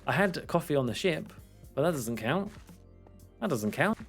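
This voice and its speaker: A young English man talks while he plays on stream, rambling and self-deprecating with plenty of laughter. His voice is a little high, with big pitch swings and a breathy edge, at a moderate pace over soft background music.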